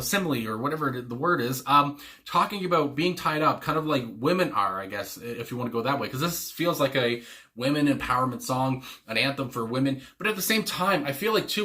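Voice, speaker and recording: A man casually talking through his reaction to a song, rambling and excitable, with plenty of fillers, swearing and chuckles. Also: medium pitch. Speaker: music reaction channel host.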